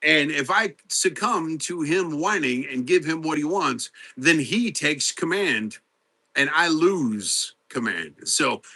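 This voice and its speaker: A man's voice: on the high side, expressive, slow pace, pushed and bright. A middle-aged man hosting a casual live stream. He chats with viewers, greets them by name and answers their questions. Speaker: livestream host.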